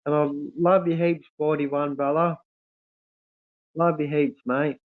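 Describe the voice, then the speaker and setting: Aussie guy hosting a livestream, sounds tinny like a phone, kinda high voice, keeps saying mate and brother. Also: level tone, slow. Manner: warm, effusive, calls everyone mate and brother. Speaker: livestream host. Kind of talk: casual livestream chat reading comments.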